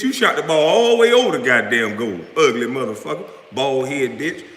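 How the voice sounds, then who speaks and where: A man's voice: fairly high pitch, bright, forceful tone. Male streamer, angry profane rant, recorded in a roomy space with long reverb. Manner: profane, confrontational, trash-talking. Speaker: live-stream host. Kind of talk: heated live-stream rant.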